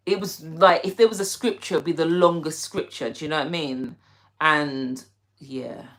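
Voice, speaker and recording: A woman's voice: deep voice, fairly bright tone. A young British woman hosting a live stream, chatting casually and giggling as she answers viewers by name. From Britain. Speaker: livestream host reading chat.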